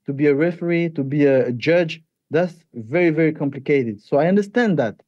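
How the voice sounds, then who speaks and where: A male fighter speaks English, mellow and soft-edged in tone, pitched a touch high for a man. He talks haltingly, repeating words and restarting. The sound is dry and slightly dull. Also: dry recording. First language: French. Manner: halting, repeats words, animated when retelling. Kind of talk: interview answers.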